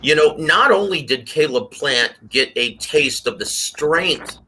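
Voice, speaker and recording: Husky, very bright-voiced man commentating on boxing. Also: a little high, measured pace. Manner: animated storyteller, acts out quotes. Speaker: boxing panel guest. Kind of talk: casual panel commentary.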